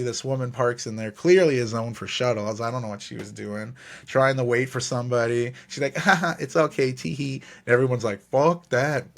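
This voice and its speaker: A man hosting a sports podcast, running through the week's news and then telling loose, profane stories from a trip. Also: medium pitch. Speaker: podcast host. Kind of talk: casual sports podcast monologue.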